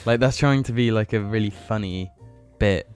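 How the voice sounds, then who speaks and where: A man's voice: fairly low pitch, moderate pace, darkish tone, faint music behind. A man co-hosting a podcast in loose casual chat, swearing and laughing often. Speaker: podcast co-host.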